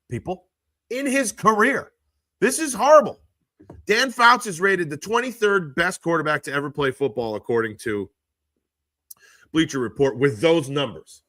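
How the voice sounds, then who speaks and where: A man talking into a handheld phone on a live stream, with a bright, forceful tone. His voice jumps sharply upward whenever he gets indignant. The sound is dry and close, with no room around it. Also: no echo. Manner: exasperated ranting, rises sharply in pitch when indignant. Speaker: livestream host. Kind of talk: casual live-stream commentary.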